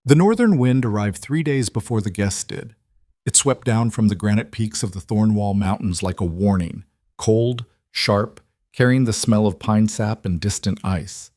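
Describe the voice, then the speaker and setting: Delivering scripted narration, a male storyteller with a low voice keeps an even, measured rhythm. The clean studio recording has no room sound.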